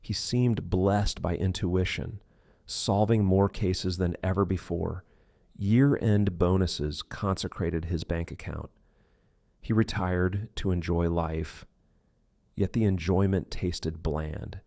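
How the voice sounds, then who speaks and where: A man reading an audiobook thriller in measured, dark scripted narration. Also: low voice, fairly even intonation, vocal fry, no echo, clean studio sound.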